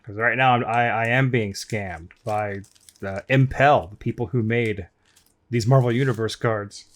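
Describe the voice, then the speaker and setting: Man, slow, mid-pitched, wry grumbling, casual card-opening commentary. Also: fairly even intonation. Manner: grumbling, wry, talks to viewers as folks. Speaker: card collector opening packs. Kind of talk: casual box-break commentary.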